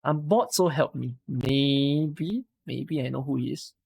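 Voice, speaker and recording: Excitable Singaporean woman streamer. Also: a bass voice, slow pace, creaky, breathy edge. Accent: Singaporean English. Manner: excitable, gushing exclamations, rambling. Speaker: live streamer. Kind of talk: casual live-stream chat with viewers.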